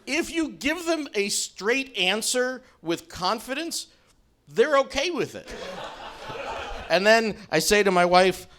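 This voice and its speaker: A middle-aged man telling a self-mocking comic story on stage in a wry, animated way. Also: sits high, takes it slowly.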